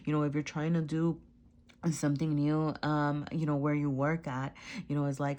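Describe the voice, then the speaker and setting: Tarot reader, woman, deep low voice, loose and rambling, laughs and apologizes a lot. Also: little pitch movement, normal speed, darkish tone, slight background noise. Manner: rambling, heavy on fillers and "right?". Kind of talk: casual tarot reading. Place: at home with a cat.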